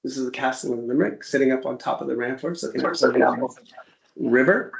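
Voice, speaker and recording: Lively American man giving a casual slide talk. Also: medium pitch, a little fast, vocal fry. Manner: chatty storyteller who acts out little dialogues. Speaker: presenter at an interest group talk.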